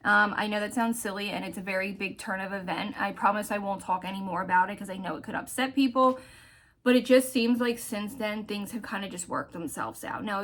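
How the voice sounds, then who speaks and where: A woman vlogger telling a personal story in a candid, heartfelt way, often pausing to search for words. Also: medium pitch, fairly bright tone, slight background noise. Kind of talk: casual storytelling vlog.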